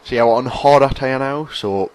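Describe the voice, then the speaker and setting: A man's voice: mid-range voice, moderate pace. A man commentating over his own racing game, rambling, sarcastic and mocking himself. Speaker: gaming commentator.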